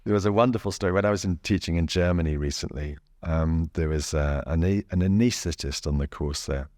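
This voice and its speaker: A man with a very low, deep voice talks through body mechanics in an easygoing, careful way. He chuckles often and stumbles over his restarts. The sound is dry and close. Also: dry recording. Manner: gentle, chuckling, halting with many restarts. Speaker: bodywork therapist. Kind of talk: casual explanatory chat.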